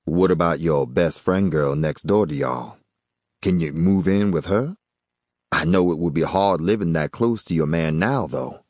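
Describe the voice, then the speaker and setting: A man's voice: low voice, a little slow, a little mellow, no echo, clean studio sound. A man voicing a cocky hustler with a folksy, drawling in an audiobook. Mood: coaxing. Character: smooth-talking Southern man, a cocky small-time hustler. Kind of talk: audiobook character voice.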